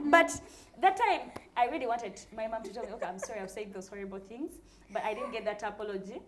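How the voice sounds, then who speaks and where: A woman's voice: fairly high pitch, expressive, fairly quick, few pauses, slight background noise. A woman with a Ugandan accent co-hosting a casual panel chat. She tells stories with energy, switches between English and Luganda, and laughs often. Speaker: co-host.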